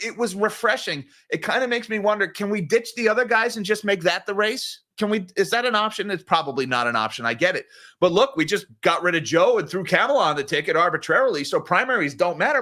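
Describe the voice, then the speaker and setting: A man's voice: fairly high pitch, sharp tone. A male host giving casual, opinionated market commentary on a live stream, talking straight to his viewers. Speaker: host of a finance news channel.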